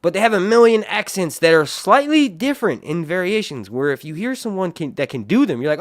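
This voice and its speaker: A man's voice: sits high, big pitch swings, fairly quick, hardly any pauses, no room sound, clean studio sound. A man from North Carolina, chatting casually on a livestream and laughing often. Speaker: livestream TV show reviewer. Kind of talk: casual live chat.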